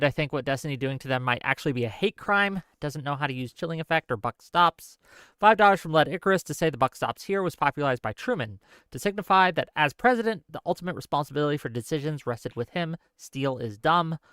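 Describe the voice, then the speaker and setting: A man's voice: on the high side, expressive, a bit bright, clear, resonant tone, no echo, clean studio sound. A man hosting a live stream, asking the panel questions and reading out paid messages. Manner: reads paid messages aloud in a brisk run. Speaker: stream host reading donations. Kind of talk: casual live-stream chat.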